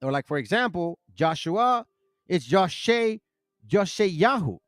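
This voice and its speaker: Casting: higher-voiced man, loose bible-study host who trips over names, dry close recording. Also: sing-song, slow, a bit bright, no room sound. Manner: rambling, self-correcting, stumbles over names. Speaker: bible teaching channel host. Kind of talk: casual religious teaching and scripture reading.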